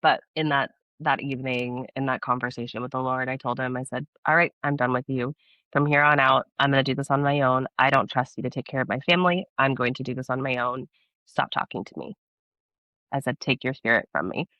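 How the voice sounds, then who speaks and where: A young woman from Texas, a podcast guest, earnestly telling a personal story in a casual interview, animated and laughing often. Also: very deep voice, brisk, no room sound, highs cut off.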